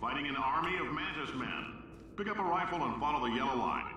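A brash company founder in a video game, booming confident announcements at the listener like a salesman. His tone is bright and pushy, and it rings out from a distance in a very echoey space with a faint hiss of noise behind. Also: animated, brisk. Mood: boastful. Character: brash male company founder on recorded messages.

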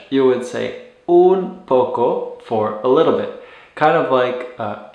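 A man teaching medical vocabulary, patiently explaining and repeating words so learners can follow their pronunciation. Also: fairly high pitch. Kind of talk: instructional explanation. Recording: roomy echo.

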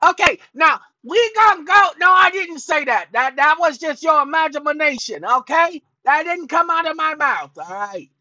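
This is a cranky, childish character with a high, bright voice, which a man puts on as his alter ego. He stammers, repeats himself and keeps bickering with someone off-mic. The sound is dry and close. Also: moderate pace, hardly any pauses, no echo, heavily acted. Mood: excited. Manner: excitable, stammering, talks back to an unseen helper. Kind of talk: comic put-on voice on a video channel.

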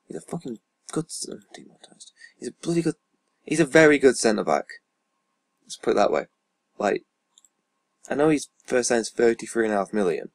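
In a dry recording, a YouTuber with a lowish voice plays a football management game and offers casual commentary. He rambles, reading out stats while muttering asides and cursing under his breath.

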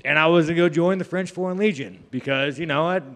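A man in his thirties with a somewhat high voice spins a crude, rambling story for reporters and chuckles as he goes. His talk sounds casual and unfiltered, and an echoey hall reverb trails every phrase. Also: fast, a bit bright. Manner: profane, rambling, laughs between lines. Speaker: fighter at media day. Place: media day event hall.

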